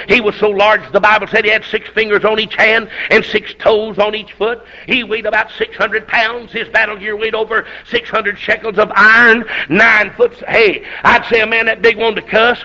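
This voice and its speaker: A middle-aged man preaching a fiery, folksy sermon that breaks into shouting bursts, heard on a dull lo-fi recording. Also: high voice.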